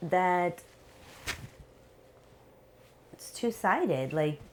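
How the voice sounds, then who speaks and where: A woman's voice: fairly low pitch, lively intonation, slow, a little mellow, slight background noise. A woman hosting a podcast interview, chatting casually and adding short affirming remarks. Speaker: podcast host.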